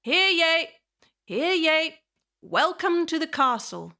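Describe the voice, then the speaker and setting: A woman's voice: extremely high pitch, very animated, slow, sharp tone, voice pushed up, full character voice. A woman voicing a grand, formal castle guard in a storybook cartoon, proclaiming in a ceremonious way.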